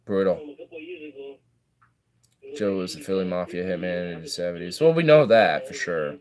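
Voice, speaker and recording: A man's voice: low-pitched, lively intonation, moderate pace, a little mellow. A man streaming a game, joking and swearing as he reacts. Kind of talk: casual gaming commentary.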